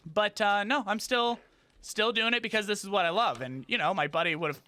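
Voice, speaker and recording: A man streaming a video game, chatting in a rambling, halting way with many restarts and breaking into high startled yelps. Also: pushed and bright, no room sound. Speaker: gaming streamer. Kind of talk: casual livestream gaming chat.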